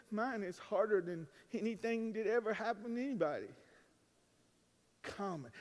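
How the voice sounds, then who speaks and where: A man preaching a sermon as pastor, swinging between hushed and loud lines with joking asides. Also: high voice. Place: church sanctuary. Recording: long reverb of a large church.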